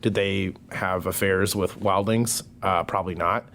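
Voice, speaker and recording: A man's voice: deep voice, fairly even intonation, a little slow, creaky, a bit bright, a little hiss or hum. A man as a podcast guest in casual chat, hesitant and thoughtful with many ums and a wry humor.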